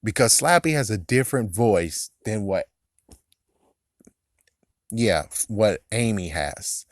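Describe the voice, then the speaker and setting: A man with a lowish voice talks through an episode recap in a loose, rambling way, throwing in profane asides and short laughs. The sound is dry and close, with no room around him. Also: animated, slow pace, no echo. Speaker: episode reviewer. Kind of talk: casual recap and commentary.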